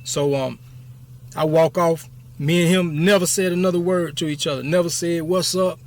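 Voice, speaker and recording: A man in his fifties with a fairly high voice, talking casually to camera. He rambles through a personal story, circling back on his words and checking in with the listener often. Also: fairly even intonation, moderate pace. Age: 50s. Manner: rambling, keeps saying "you know what I'm saying". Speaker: YouTube storyteller.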